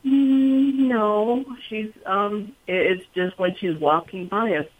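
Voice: medium pitch, steady tone, slow pace. A caller on a radio phone-in, telling a rambling, worried story about a pet. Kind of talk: phone-in call. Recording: tinny phone line.

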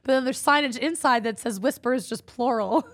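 A woman co-hosting a podcast, hoarse from singing, telling stories with a chatty, laughing manner. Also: on the high side, normal speed, dry recording, studio quality. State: hoarse after karaoke. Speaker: podcast co-host. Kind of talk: casual chat.

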